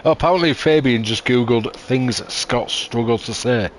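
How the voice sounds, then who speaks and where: A man's voice: medium pitch, moderate pace, a little hiss or hum. A man with a Yorkshire accent chatting on a sim racing stream, passing on requests from the live chat with a laugh. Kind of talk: casual chat while racing.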